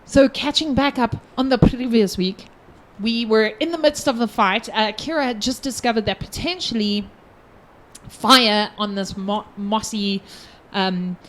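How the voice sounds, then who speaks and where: A woman's voice: a little high, fairly bright tone. A woman running a tabletop game livestream as game master, chatting and joking with her players between turns. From South Africa. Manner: giggly, apologetic, quick banter.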